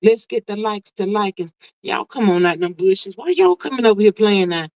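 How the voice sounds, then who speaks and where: A woman hosting a casual livestream, reading viewer comments aloud and reacting in a sassy, drawn-out way, calling everyone "child" and "honey". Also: medium pitch, animated, dry recording. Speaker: livestream host. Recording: dull, lo-fi, dry sound.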